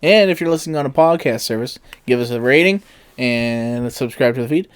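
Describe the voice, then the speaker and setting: A man hosting a podcast, wrapping up with an easy, unhurried sign-off. His pitch is middle of the road and he drops in the odd uh as he asks listeners to subscribe. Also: lively intonation, smooth. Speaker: podcast host.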